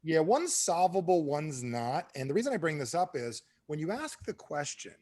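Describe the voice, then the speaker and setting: A man giving a motivational business talk on a training call, asking the audience questions and swinging between booming and hushed delivery. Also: moderate pace, few pauses. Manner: animated, asks the audience questions. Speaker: speaker at an online training call.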